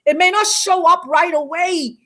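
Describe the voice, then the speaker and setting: A woman hosting a spiritual teaching talk, speaking in an emphatic, preacherly way with repeated, drawn-out phrases. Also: very high-pitched, pushed and bright. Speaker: host.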